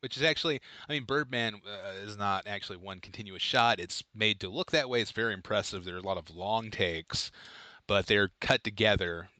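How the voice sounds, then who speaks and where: A man's voice: lowish voice, fairly quick, sharp tone, dry recording. A man co-hosting a casual comedy podcast, playful and jokey, rambling with lots of fillers. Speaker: podcast co-host.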